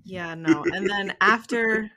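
A woman's voice: mid-range voice, slow pace, pushed and bright. Giggly female podcast host. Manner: giggly, easily amused. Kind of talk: casual chat.

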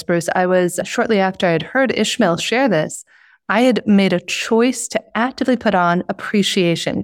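A woman hosts a conversational interview and tells an anecdote in an upbeat, quick-moving way. Her pitch is average for a woman, and the sound is dry and close. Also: no echo. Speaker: host.

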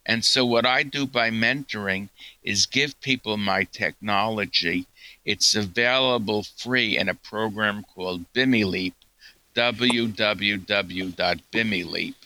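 A man speaks as an interview guest in a slightly low, bright, forceful voice. He talks slowly and earnestly, telling stories and acting out quoted lines. The sound is dry and close. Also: no room sound, poor audio. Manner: earnest, storytelling, quotes others. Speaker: guest scientist. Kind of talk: interview answers.

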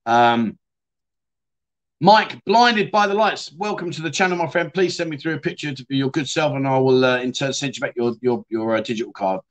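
A livestream host with a mid-range voice and moderate pace keeps things casual as he reads out what viewers write and chats back. "Mate" comes up a lot, along with the odd swear word.

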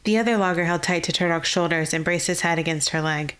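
A woman narrating a fantasy novel in a measured, even storytelling way. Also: on the low side, smooth. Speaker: audiobook narrator.

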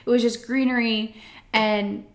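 A woman co-hosting a podcast, telling a long story in an animated casual way, full of "like" fillers. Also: a little high, measured pace, reverberant. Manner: animated storyteller, acts out quotes, many "like" fillers. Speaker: podcast co-host, event florist.

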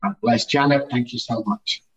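A man's voice: mid-range voice, moderate pace, a bit bright. Emphatic man on distant, muffled audio. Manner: emphatic, repeats phrases for effect. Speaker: guest, addiction recovery speaker. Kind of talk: conversational interview storytelling.

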